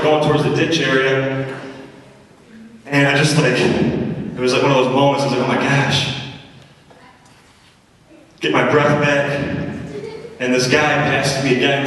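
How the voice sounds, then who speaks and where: A man giving a motivational school assembly talk, telling comic stories with energy and acting out the voices. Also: mid-range voice. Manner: energetic, animated, acts out the voices in his stories. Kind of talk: comic storytelling to students. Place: middle school assembly hall. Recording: echoey school hall from far off.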